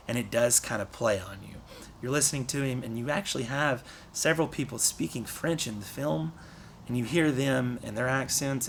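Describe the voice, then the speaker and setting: A man talks through a film review in a loose, conversational way, circling back on himself with plenty of fillers. His voice sits at an ordinary middle pitch. A faint noise runs underneath. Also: fairly bright tone. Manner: rambling, conversational, many fillers and restarts. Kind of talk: casual spoken movie review.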